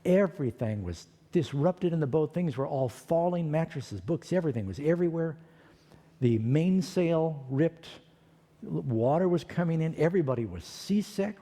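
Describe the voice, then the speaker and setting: A man preaching, telling his own life story in an animated way and acting out the voices of people in it. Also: a little high, big-room sound. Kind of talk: storytelling sermon testimony.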